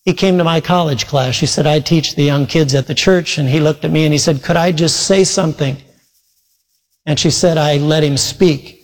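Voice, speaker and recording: A man's voice: a little high, normal speed. A male preacher earnestly retelling a story in a sermon, quoting voices as he goes. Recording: long reverb from a large hall.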